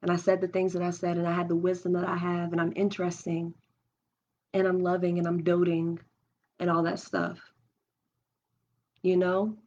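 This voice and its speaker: A woman's voice: fairly low pitch, completely flat delivery, moderate pace, pauses often, darkish tone. A young woman hosting a live stream at home, talking openly and emotionally through her own experiences, thinking aloud with many restarts. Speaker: livestream host. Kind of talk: candid personal talk on a live stream. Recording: dull lo-fi stream audio.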